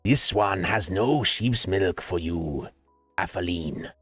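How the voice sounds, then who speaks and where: A man's voice: low-pitched, takes it slowly, a bit bright, husky, no room sound, soft background music, exaggerated voice. A man voicing a sly male cat-folk merchant who talks about himself in the third person. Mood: teasing.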